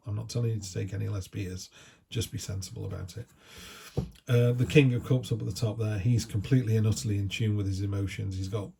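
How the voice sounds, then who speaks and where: A man's voice: lowish voice, gravelly, warm tone, husky. A middle-aged man giving a casual, chatty, down-to-earth tarot reading. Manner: chatty, down-to-earth, acts out little quoted asides. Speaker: tarot reader.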